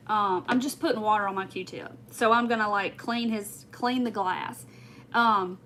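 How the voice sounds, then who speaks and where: Bright, chatty woman telling a story. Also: a little high, a little hiss or hum. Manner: rambling, emphatic, talks straight to viewers. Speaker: crafting channel host. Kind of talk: chatty storytelling while crafting on a livestream.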